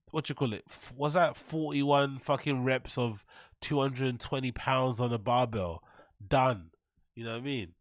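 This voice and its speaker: A man's voice: medium pitch, no echo. Guy ranting sarcastic about a clip, swears a ton, dry close sound. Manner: mocking, sarcastic, swears a lot. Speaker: commentary show host. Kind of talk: reaction commentary.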